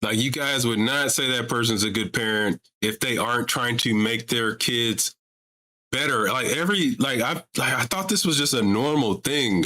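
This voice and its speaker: A man's voice: mid-range voice, moderate pace, pushed and bright. A man hosting a live call-in stream about religion, talking casually and pressing his audience with repeated rhetorical questions. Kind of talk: casual livestream talk.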